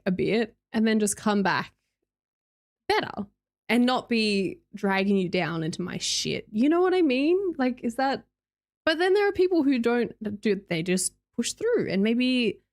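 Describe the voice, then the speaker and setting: Brief: young Australian woman, lively up-and-down voice, a bit high, chatty streamer who laughs a lot. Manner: chatty, laughs often, reads chat aloud. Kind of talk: casual chat with live chat readers.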